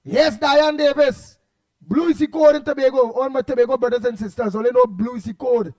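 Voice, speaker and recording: A man's voice: very high voice, fairly even intonation, quick pace, dark tone. A man with a Trinidadian accent hosting a radio show, chatting casually and reading out listener comments with laughs and repeated words.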